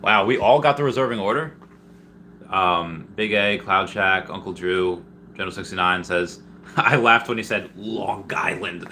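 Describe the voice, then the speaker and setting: A man's voice: on the low side, lively intonation, normal speed, pushed and bright, slight background noise. A man from Peru hosting a casual live stream, reading viewer comments aloud and answering them in a rambling way, often restarting his sentences. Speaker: livestreamer answering chat.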